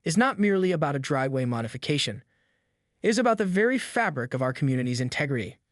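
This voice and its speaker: A man's voice: on the high side, sing-song, fast, no room sound, clean studio sound. A man reading the lines of a prim, domineering middle-aged woman who chairs a homeowners' meeting, in a cutting, proclaiming manner.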